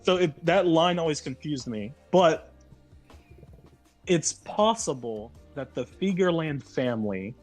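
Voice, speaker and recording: A man's voice: a little high, lively intonation, slow pace, soft background music. Man laying out a fan theory. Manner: explains fan theories at length, reads quotes aloud. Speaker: podcast co-host. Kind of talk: casual chat.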